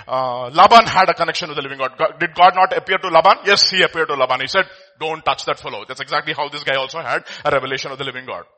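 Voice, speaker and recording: A preacher from India gives a sermon with a fairly high-pitched voice. His delivery shifts back and forth between loud, emphatic bursts and quiet, hushed asides.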